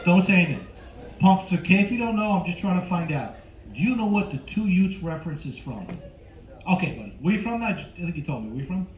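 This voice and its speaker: A man's voice: high voice, animated, fast talker, a little hiss or hum. A middle-aged man doing live stand-up comedy on a cruise ship stage, teasing the crowd brashly. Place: cruise ship show lounge. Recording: roomy, dull live stage sound. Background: audience laughter.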